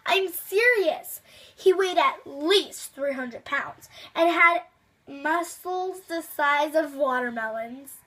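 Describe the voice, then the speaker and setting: A woman's voice: high voice, expressive, takes it slowly, a bit bright, exaggerated voice. A woman voicing an earnest schoolgirl, close to her own reading voice. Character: schoolgirl telling a tall tale.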